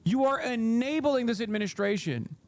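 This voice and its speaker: A man with a high voice delivers an angry live-stream rant. He swears freely and keeps hammering the same lines for emphasis. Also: lively intonation, moderate pace. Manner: heated, profane, repeating phrases for emphasis. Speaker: streamer host.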